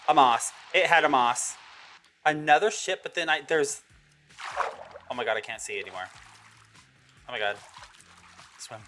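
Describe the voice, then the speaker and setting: A young woman hosting a survival game video, reacting loudly and dramatically as she plays. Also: rumbling low, a little slow, long pauses, slight background noise. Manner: excitable, dramatic exclaiming reactions. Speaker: gaming channel host.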